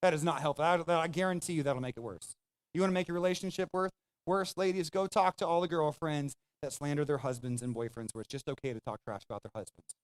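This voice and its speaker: A man's voice: a little high, steady tone, quick pace. A man pastor preaching a sermon, speaking emphatically and conversationally, addressing the congregation directly.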